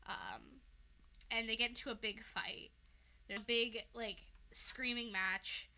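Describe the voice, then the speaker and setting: In a high-ish, animated, pushed and bright voice, a woman speaks slowly and pauses often while recapping a fan fiction on her podcast. She rambles casually, swears freely, and says "like" and "um" constantly.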